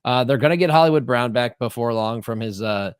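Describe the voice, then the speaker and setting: A man co-hosting a podcast, talking sports in an animated, emphatic way and often restarting his phrases. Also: mid-range voice, fairly quick, clear, resonant tone, dry recording, clean studio sound. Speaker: podcast co-host. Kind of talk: casual sports chat.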